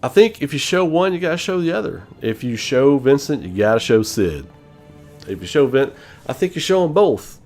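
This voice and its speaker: A man hosting a gaming channel, chatting casually on a live stream in an animated, profane way, laughing often. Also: medium pitch, normal speed, soft background music.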